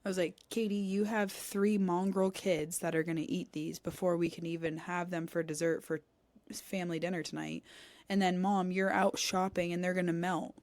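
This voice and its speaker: A young woman chats on a podcast, telling a story with animated energy and acting out each exchange. Her voice sits low for a woman. The sound is dry and close, with no room around it. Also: normal speed, no room sound. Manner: animated, acts out quoted dialogue, cusses. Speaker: podcast co-host. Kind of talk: casual storytelling chat. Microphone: studio podcast mic.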